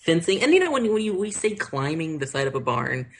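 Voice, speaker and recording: A man's voice: a little high, very animated, a little fast. A man co-hosting a podcast, adding dry, wry comments in casual chat. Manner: wry interjections, dry humor. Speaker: podcast co-host.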